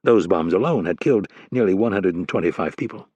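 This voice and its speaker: A man with a low, husky voice narrates a thriller audiobook in a measured, steady way. The sound is lo-fi, close and dry, with no room sound at all.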